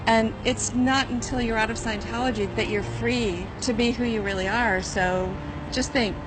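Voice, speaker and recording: A woman's voice: on the high side, fairly even intonation, moderate pace. Earnest woman over noisy background. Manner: earnest, heartfelt address. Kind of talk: documentary interview.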